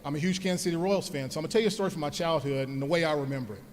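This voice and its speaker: A man giving a heartfelt speech at an alumni event, telling personal stories and speaking softly when he thanks his parents. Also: on the high side, rapid-fire. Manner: earnest, storytelling, grows soft when thanking his parents. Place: large hall at an alumni event. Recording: long hall reverb.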